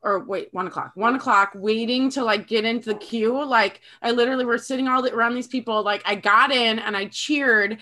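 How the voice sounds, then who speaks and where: A woman co-hosting a podcast in casual chat, enthusiastic and quick to laugh. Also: a little high, sharp tone. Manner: enthusiastic storyteller, laughs a lot. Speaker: podcast co-host.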